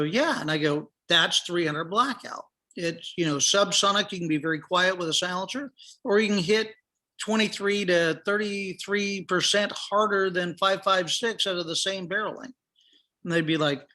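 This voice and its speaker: A man's voice: high-pitched, bright, forceful tone. A middle-aged man, a podcast guest, telling stories in a casual way and acting out the dialogue with lots of fillers. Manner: acts out quoted dialogue, many fillers. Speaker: podcast guest, firearms industry professional. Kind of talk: casual storytelling.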